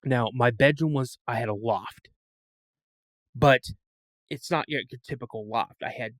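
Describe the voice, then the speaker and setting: This podcast guest speaks with a medium-pitched voice at a measured pace, with no room sound. He tells his story casually and with animation, imitating the voices of those he quotes.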